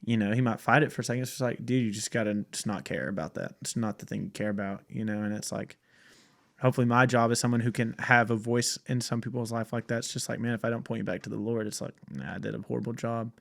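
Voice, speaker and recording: A man in his twenties, a podcast guest, chatting casually and telling animated stories with frequent laughs. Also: medium pitch, fast talker. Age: 20s. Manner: animated storytelling, laughs often. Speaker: podcast guest, church creative director. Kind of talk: casual chat.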